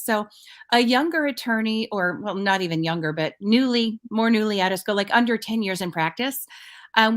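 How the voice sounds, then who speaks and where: A woman as a talk show guest, explaining in a relaxed conversational way with everyday examples. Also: mid-range voice. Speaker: guest financial expert. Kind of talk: casual talk show chat.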